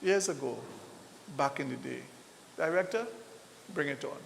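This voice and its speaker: Male host, high voice, preachy, heavy hall echo. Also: normal speed, vocal fry, slight background noise. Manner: preachy, fires rhetorical questions. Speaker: talk show host. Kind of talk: impassioned live commentary. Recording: long hall reverb.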